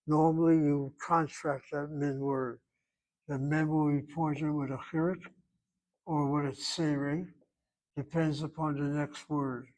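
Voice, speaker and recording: Older male teacher, slightly high voice, patient explanatory lecture style. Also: little pitch movement, measured pace, a little mellow, poor audio. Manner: patient, explanatory, repeats points, clears throat. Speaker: Hebrew teacher. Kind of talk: online class lecture.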